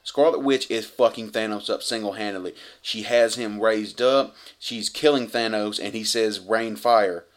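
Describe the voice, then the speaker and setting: A man with a fairly low voice, recapping a film with breathless enthusiasm. He swears often, restarts his sentences and piles one action onto the next. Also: fairly even intonation, moderate pace, hardly any pauses. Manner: profane, effusive, rambling retelling. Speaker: movie reviewer. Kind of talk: excited movie recap.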